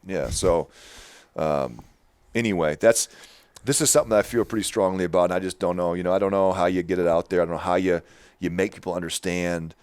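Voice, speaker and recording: A middle-aged man with a loud, very low voice tells stories on a podcast. He talks in an animated, emphatic way and often restarts his sentences. The sound is close and dry. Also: brisk, smooth, dry recording. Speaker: podcast host. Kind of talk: casual podcast chat.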